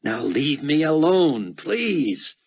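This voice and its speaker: A man's voice: fairly high pitch, very animated, takes it slowly, husky, voice pushed up, full character voice. A man voicing a harried young male journalist who talks tersely and impatiently.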